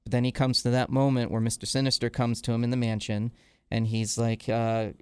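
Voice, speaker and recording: A man at a middle pitch retells a comic storyline in a loose, casual way, with fillers and quoted lines in his own voice. His voice is smooth and resonant. The sound is dry and close, with no room around it. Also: little pitch movement, brisk, a little mellow, no room sound. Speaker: podcast host. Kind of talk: casual comic book recap.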